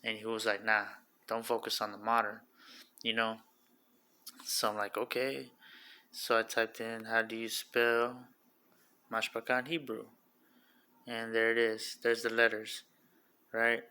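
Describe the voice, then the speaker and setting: A man teaching in a casual, unscripted way, his voice bright and edged, with his pitch staying fairly level. He rambles and leans on fillers. He repeats each word several times as he sounds it out. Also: completely flat delivery, unhurried, pauses often, clean tone. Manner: loose and rambling, repeats words to sound them out; filler-heavy, says like and you know often. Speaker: religious teacher.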